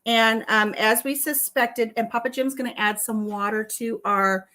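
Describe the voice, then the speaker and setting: A woman's voice: fairly high pitch, fairly even intonation, moderate pace, sharp tone. Chatty, laughing woman vlogger. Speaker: vlog host. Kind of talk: casual chat while tasting tea.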